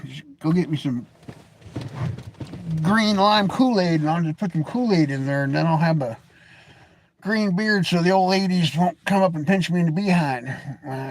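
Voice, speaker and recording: Rambling, lively-voiced man in his forties. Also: on the high side. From United States. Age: 40s. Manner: rambling, jokey and blunt. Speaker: vlogger. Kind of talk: casual rambling monologue. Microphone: webcam or phone camera, seated.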